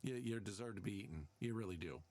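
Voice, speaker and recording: A man's voice: lowish voice, fast talker, darkish tone, no room sound. Sarcastic man ranting dry and close. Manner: sarcastic, exasperated, mocking. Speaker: podcast host. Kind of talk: casual ranting monologue.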